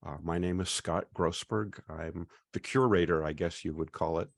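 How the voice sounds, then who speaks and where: A man's voice: sits low, no echo, clean studio sound. A man hosting an online class over a video call, chatty and welcoming. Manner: chatty, welcoming, often pauses with "uh".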